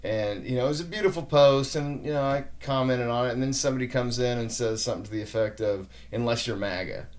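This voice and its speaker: A man's voice: mid-range voice, fast, few pauses. A man in his forties, a podcast guest, talking bluntly with frequent swearing and jokes. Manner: blunt, profane, joking. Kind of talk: casual chat.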